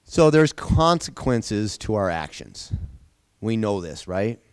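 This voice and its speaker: Man teaching a bible study, unhurried, smooth voice, dry close sound, asks the group questions. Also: fairly low pitch, big pitch swings, no echo. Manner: conversational, asks the class questions, repeats phrases. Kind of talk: informal Bible lesson to a group.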